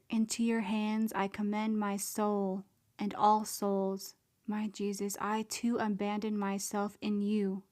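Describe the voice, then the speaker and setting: Woman reader, devotional prayer reading, earnest, mid-pitched, even and steady.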